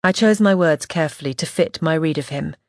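Woman reading a first person audiobook, lowish voice, measured and wry, dry close mic. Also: no room sound. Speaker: audiobook narrator.

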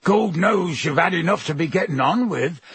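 A male narrator voicing a huge, gruff but kindly gamekeeper who talks in a rough, homely way. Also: a little high, animated, normal speed, a bit bright, dry recording, pitched above the performer's own voice, full character voice. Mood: chiding.

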